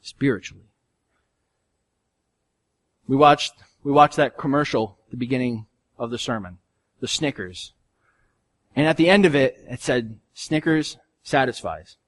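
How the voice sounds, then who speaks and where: A male pastor preaching a sermon in an earnest, conversational way, his voice swinging from soft to loud. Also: medium pitch, expressive, unhurried, pauses often.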